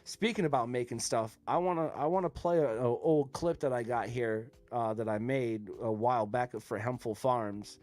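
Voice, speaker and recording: A man's voice: medium pitch, moderate pace, hardly any pauses, a little mellow. Blunt, profane man chatting casually. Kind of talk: casual chat.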